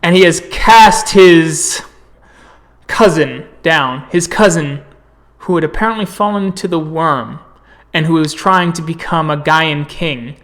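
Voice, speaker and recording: A man's voice: a little high, a little slow, fairly bright tone. A man voicing a travelling werewolf elder who addresses a gathering in a formal, welcoming way.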